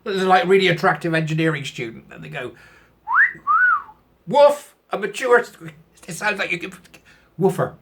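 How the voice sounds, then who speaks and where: A man's voice: high-pitched, quick pace, fairly bright tone, slight background noise. A man, reading out a news article and mocking it sarcastically, laughing often at his own jokes. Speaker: commentary channel host.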